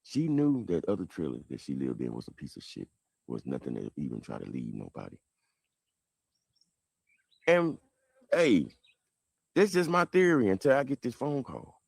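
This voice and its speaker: Heated southern man ranting, lively pitch. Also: normal speed, vocal fry, long pauses, slightly rough, dry recording. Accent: Southern American. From southern United States. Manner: heated, rambling, swings loud and quiet. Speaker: livestreamer telling a family story. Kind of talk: animated livestream monologue.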